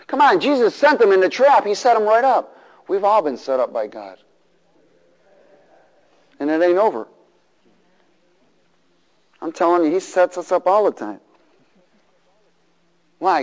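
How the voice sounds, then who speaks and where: A middle-aged man preaches to his congregation in a voice pitched a little high, calling for responses and acting out the people in his story. His words ring with the long reverb of a large hall. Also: normal speed, long pauses. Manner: animated, call-and-response, acts out voices. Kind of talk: sermon. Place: church hall.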